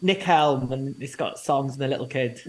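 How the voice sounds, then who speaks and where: A man chatting as a livestream guest, lively and teasing. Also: mid-range voice, moderate pace. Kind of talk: casual chat.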